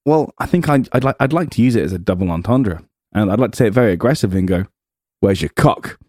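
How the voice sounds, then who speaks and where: A young man co-hosting a comedy podcast, firing off quick quips and laughing. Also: on the low side, lively intonation, warm tone, no echo, studio quality. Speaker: podcast co-host. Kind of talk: casual comedic banter.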